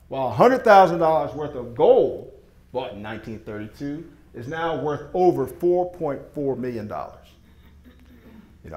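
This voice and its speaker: A fairly high-pitched man pitches to a room with a lively, swooping delivery. He is emphatic and folksy, and his voice bounces around an echoey meeting room. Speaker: presenter. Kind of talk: sales presentation with slides.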